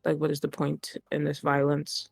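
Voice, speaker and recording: A man answering as a player in a tabletop game, speaking in measured, thoughtful replies. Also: on the high side, completely flat delivery, vocal fry, slightly rough, no room sound, studio quality, faint music behind. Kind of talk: tabletop role-play answers.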